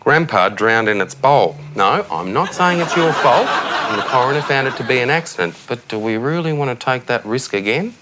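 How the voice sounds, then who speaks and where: A blithely tactless Australian suburban dad, played by a man talks to his son at bedtime, chummy and breezy, with his pitch swinging up and down. Crickets and hiss sit clearly behind his voice in the night-time bedroom. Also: lively intonation, moderate pace, few pauses, close to an everyday voice. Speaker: father tucking his son into bed. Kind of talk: TV sketch comedy acting. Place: child's bedroom at night, a TV set.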